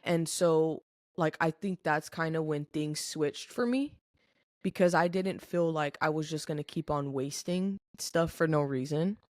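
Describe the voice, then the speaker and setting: A woman's voice: low voice, unhurried, a little mellow, no echo, clean studio sound. A young adult woman telling a personal story as a podcast guest, candid and earnest, with lots of filler "like". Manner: candid, filler-heavy speech with frequent "like"; earnest and emotional. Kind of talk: personal testimony in casual chat.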